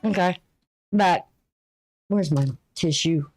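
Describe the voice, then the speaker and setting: A woman's voice: lowish voice, slow pace, a little mellow, faint music behind. A woman giving a casual, folksy astrology reading, chatty and advice-giving, with a runny nose. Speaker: astrology and tarot reader.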